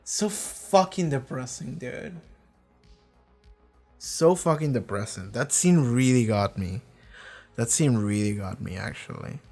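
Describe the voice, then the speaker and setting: A young man, not a native English speaker, talks through a TV episode in a loose, animated reaction style, swearing freely and acting out characters' lines. His pitch sits in a middle range. Faint music plays underneath. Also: slow, pauses often. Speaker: reaction video host. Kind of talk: casual reaction and review.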